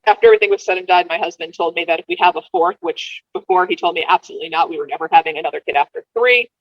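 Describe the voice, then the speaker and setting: A woman in her thirties, a podcast guest telling her birth story casually, with lively delivery and quick repeated words. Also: lowish voice, dry recording. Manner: animated, repeats words when rushing, acts out quoted dialogue. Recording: dull lo-fi dry sound.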